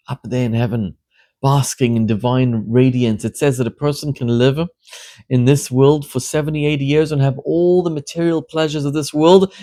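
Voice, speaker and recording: A man, a rabbi, delivering a sermon as an animated storyteller who builds to emphatic questions. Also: mid-range voice, dry recording.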